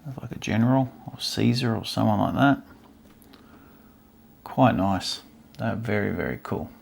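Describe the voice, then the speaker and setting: A man hosting a stamp collecting channel pages through an old album, musing aloud and easily delighted by what he finds. His voice is on the low side with vocal fry and a slightly mellow quality, and he keeps a measured pace.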